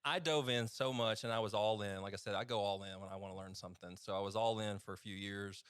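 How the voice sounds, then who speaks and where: A man's voice: lowish voice, steady tone, quick pace, a bit bright, smooth, no room sound, clean studio sound. A man with an East Texas accent, a physician guest telling a story in a rambling, chatty way with easy laughter. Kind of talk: casual storytelling testimony.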